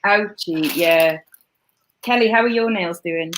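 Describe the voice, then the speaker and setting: A woman's voice: on the low side, a little slow, slight background noise. A woman hosting a livestream, chatting casually and teasing her friends, laughing easily. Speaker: livestream host. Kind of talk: casual chat.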